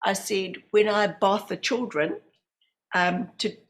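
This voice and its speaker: A New Zealand woman, a medium and hypnotherapist, tells a lively story slowly in a medium-pitched voice while guesting on a podcast interview. She's an animated storyteller who mimics the voices of people she quotes.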